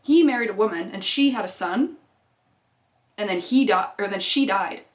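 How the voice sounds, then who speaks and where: Young woman rambling on her vlog, chatty, swears a lot, mid pitch. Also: normal speed. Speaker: movie rewatch vlogger. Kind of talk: casual chat.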